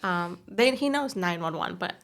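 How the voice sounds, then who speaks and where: Gravelly-voiced woman in her thirties. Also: fairly low pitch, normal speed. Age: 30s. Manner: animated storyteller, acts out voices in quotes. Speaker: podcast co-host. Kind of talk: casual chat.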